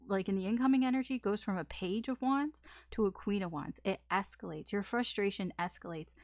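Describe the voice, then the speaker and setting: A woman's voice: medium pitch, dry recording, studio quality. A woman giving a casual tarot reading, talking frankly with fillers and swearing. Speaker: tarot reader.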